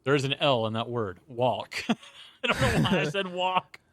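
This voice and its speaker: A young adult man co-hosting a casual film-review podcast, animated, acting out lines he quotes and swearing casually. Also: fairly high pitch, moderate pace, dry recording, clean studio sound. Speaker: podcast co-host.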